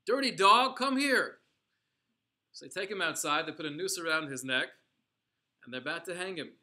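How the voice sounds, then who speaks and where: A Torah teacher with a fairly high, bright voice talks fast and forcefully. Teaching a religious class, he tells a story dramatically and emphatically, sprinkling in Hebrew and Yiddish terms.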